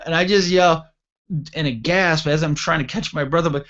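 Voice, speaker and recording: A man's voice: on the high side, fairly quick. A man in his thirties hosting a radio show, telling a crude story in casual chat and acting out the other voices. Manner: animated, acts out voices, crude humor. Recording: dull lo-fi radio show audio.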